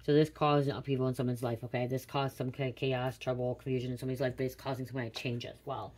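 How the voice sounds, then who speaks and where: A woman in her late thirties talks through a psychic reading in a low voice. She rambles quickly and confides, with casual swearing dropped in. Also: little pitch movement, a little mellow. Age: 30s. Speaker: tarot reader.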